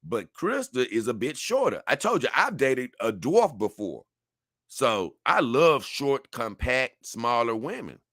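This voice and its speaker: Young male streamer, bright and forceful, dry close mic, reads chat and rambles with laughs. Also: mid-range voice, very animated, measured pace, dry recording. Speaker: livestream host reading viewer comments. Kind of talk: casual livestream chat.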